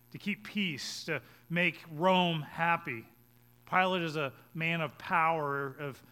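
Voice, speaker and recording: A male pastor preaching a sermon, reading scripture aloud and explaining it, his voice swelling to loud emphatic peaks and then dropping low and quiet.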